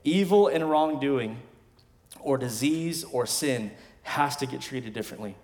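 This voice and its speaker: A man in his thirties, a pastor, preaching a sermon in emphatic bursts with quiet asides between. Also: medium pitch, animated, unhurried. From West Texas. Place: large church sanctuary. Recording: long hall reverb from a church sanctuary.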